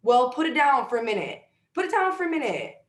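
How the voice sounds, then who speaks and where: A woman's voice: sits high, big pitch swings, quick pace. A woman speaking as an interview guest, giving emphatic, preachy motivational talk and repeating her key phrases for weight. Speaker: guest, sales team leader. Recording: roomy echo.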